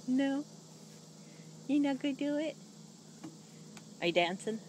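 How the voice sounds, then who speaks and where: A woman's voice: on the high side, lively intonation, moderate pace, long pauses, a little hiss or hum. A young mother filming her toddler at home, coaxing him with sing-song baby talk from behind a handheld camera.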